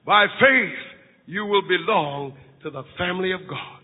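High-pitched shouting preacher in a tinny hall. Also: male voice, normal speed. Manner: shouting, crying delivery with big swings from hushed to loud. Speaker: pastor. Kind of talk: dramatic sermon storytelling. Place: large auditorium. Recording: tinny lo-fi recording in a reverberant hall.

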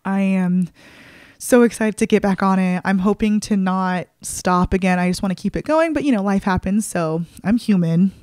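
A woman's voice: mid-range voice, moderate pace, darkish tone, clean tone, no echo. A young adult woman hosting her own podcast in casual solo chat, talking in an open, emotional way with many fillers. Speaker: podcast host.

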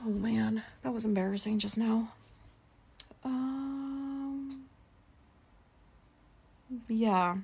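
A woman hosting a solo podcast, telling a rambling, profane story in an animated way. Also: a little high, very slow, vocal fry, pauses often, breathy edge. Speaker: podcast host.

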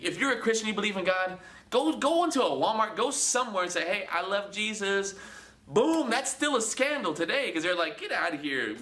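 Speaking to the camera on his Christian video channel, a high-voiced man preaches in a casual, animated way. He voices the people he quotes and repeats words often, all in a roomy-sounding recording.

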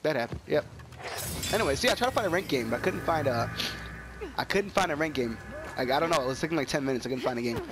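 A young man with a cold giving excitable, chatty commentary while playing a shooter game. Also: a little high, fast, over music. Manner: excitable, yelps and trails into chatty stories. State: sick with a cold, coughing. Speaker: gaming YouTuber. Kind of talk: casual gameplay commentary. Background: game gunfire.

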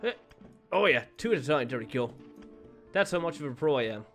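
A man giving excitable let's play commentary, swearing and playing up mock outrage. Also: a little high, fairly quick, soft background music. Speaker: gaming video creator.

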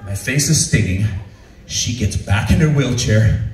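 This actor recounts his comic convention tale at a measured pace, animatedly performing each quoted voice with large leaps in pitch. The recording catches him from a distance in a big room full of listeners, echoey and with faint background ambience.

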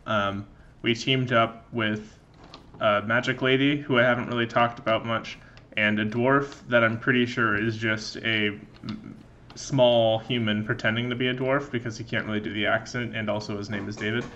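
This gamer's mid-range voice is pushed and bright, with fairly even intonation and a moderate pace. He gives casual, rambling gameplay commentary full of sarcasm and profanity, recorded with dull audio.

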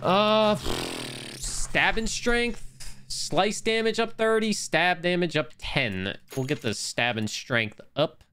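A young man chatting casually while streaming a game, telling stories with big rises in his voice when excited. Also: slow pace, few pauses, a little hiss or hum. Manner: animated storytelling, swings high when excited. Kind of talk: casual gameplay commentary.

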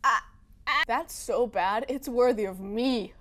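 A young woman hosting a comedy video, reading tweets aloud in quick playful voices with a sassy, dramatic delivery. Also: on the high side, fairly bright tone. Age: young adult. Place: Boston.

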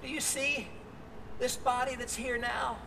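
Croaky frail old lady in a nursing home, high and hushed, as a preacher puts her on, heard from afar with reverb. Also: flat delivery, unhurried, recorded from a distance, background noise. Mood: wistful.

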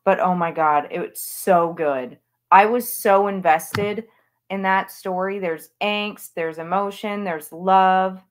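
A woman's voice: mid-range voice, slow pace. A woman author chatting as an interview guest, talking with gushing enthusiasm about books she loves. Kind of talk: casual interview chat.

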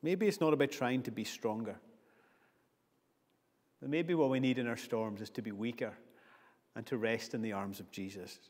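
A man's voice: mid-range voice, moderate pace, pauses often, a little mellow. A man preaching a sermon earnestly, building his points with repeated phrases. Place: church. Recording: long church reverb.

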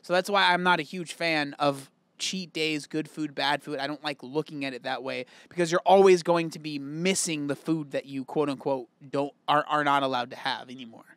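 A man's voice: a little high, fairly even intonation, normal speed, hardly any pauses, a bit bright, dry recording. A man casually reacting to a video, candid and chatty, thinking aloud as he comments. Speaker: reaction host.

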